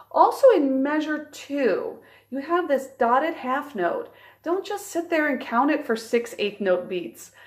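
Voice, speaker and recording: A woman flute teacher giving a calm, clear and encouraging instructional tutorial. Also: fairly high pitch.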